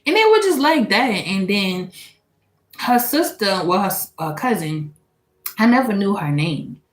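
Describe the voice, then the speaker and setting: A woman from Louisiana, telling a personal story in a casual, animated and profane way, laughing often. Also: mid-range voice, a little slow. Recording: echoey room.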